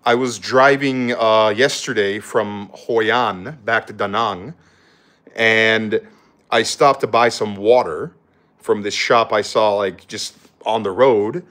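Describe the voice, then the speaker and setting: A man's voice: lowish voice, slow pace, a bit bright. Young guy rambling travel story. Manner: rambling, many fillers, quotes people in voices. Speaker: travel vlogger. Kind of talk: casual storytelling. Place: hotel room.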